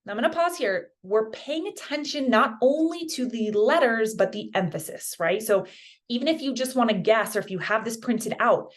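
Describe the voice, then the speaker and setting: A woman teaching a beginner Spanish pronunciation lesson in a casual, encouraging way, saying example words slowly and carefully. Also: a little high, lively intonation.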